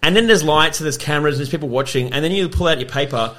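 A man's voice: fairly high pitch, rapid-fire, fairly bright tone. A man, a comedian guest on a podcast, rambling through stories with frequent laughter and swearing. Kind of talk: casual podcast chat.

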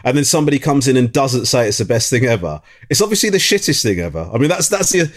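A man from England, a comedian guest, chatting casually on a podcast and telling stories with quick restarts. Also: medium pitch. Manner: animated storytelling with quick restarts.

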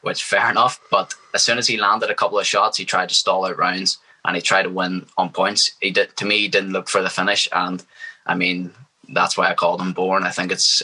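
A man's voice: low-pitched, pushed and bright, husky, rough recording. A young man, a fighter speaking as a guest in a casual interview, confident and hyped. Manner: confident, hyped, trash-talking.

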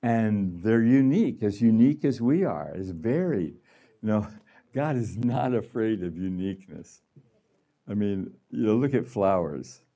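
A man's voice: fairly low pitch, lively intonation, a little slow, dark tone. A man giving a conversational sermon to a gathering, laughing often and acting out little voices. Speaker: healing room director speaking.

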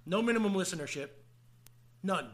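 High-voiced joking man. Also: expressive, fairly quick. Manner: joking, teasing, swears often. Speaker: podcast co-host. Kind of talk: casual banter.

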